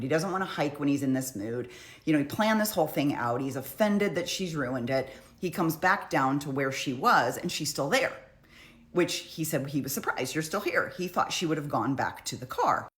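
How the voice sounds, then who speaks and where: A woman casually recapping courtroom testimony in a chatty, conversational way. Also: sits low. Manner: chatty, conversational, frequent "like" and "you know". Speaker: true crime commentator.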